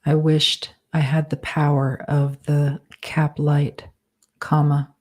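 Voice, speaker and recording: A woman author dictating a fantasy novel aloud, calling out each comma and period in a measured, deliberate way. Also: sits low, completely flat delivery, a little mellow. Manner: speaks punctuation marks aloud, measured and deliberate.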